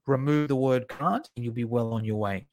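A man, a fitness educator and podcast guest, telling stories in casual chat and acting out the people in them with lively swings. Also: mid-range voice, normal speed. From Australia. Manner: animated, acts out quoted people in his stories. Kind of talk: casual storytelling interview.

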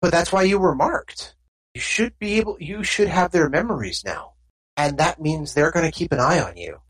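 A nonchalant man guarding a strange book speaks in a calm, soothing, cryptic way in a tabletop game, as the game master puts him on. His voice is pitched up and a little husky. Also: normal speed, low-quality recording.

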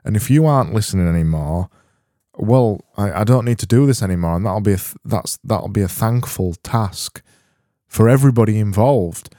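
A man hosting a solo comedy podcast, rambling in a deadpan, self-deprecating way with frequent restarts. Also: fairly low pitch, moderate pace, no room sound, clean studio sound. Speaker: podcast host.

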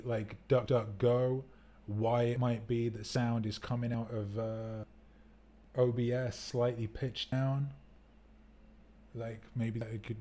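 A male livestream host talks casually from a rental home in a mid-range, slightly mellow voice, rambling in a laid-back way and laughing often. He uses a desk streaming mic and wears headphones.

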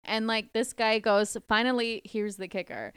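A woman co-hosting a casual podcast, telling an animated story, acting out the dialogue and laughing often. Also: fairly high pitch, moderate pace, smooth, no room sound. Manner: acts out quoted dialogue. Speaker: podcast co-host.

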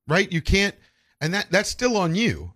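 A man's voice: high-pitched, huge pitch swings, unhurried, bright, forceful tone. A man hosting a casual podcast, rambling with frequent restarts and swearing.

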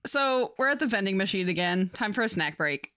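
A woman's voice: mid-range voice, expressive, a little fast, pushed and bright, dry recording, clean studio sound. Laughing, swearing podcast co-host woman. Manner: laughs often, swears casually. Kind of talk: casual book chat.

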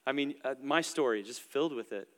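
A young adult man preaching a sermon in a relaxed, conversational way, with plenty of filler words. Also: medium pitch, fast. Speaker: pastor. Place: church auditorium stage. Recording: long reverb from a large hall.

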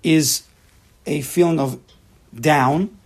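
Gravelly, husky man teaching a class. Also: a little high, slow pace. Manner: emphatic, acts out imagined inner voices. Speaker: teacher of a religious text class. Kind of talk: Torah class lecture, explaining a text to students.

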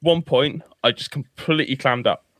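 A man's voice: medium pitch, moderate pace, fairly bright tone, no room sound. A man in casual podcast chat who tells stories, swears and laughs often. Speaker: co-host.

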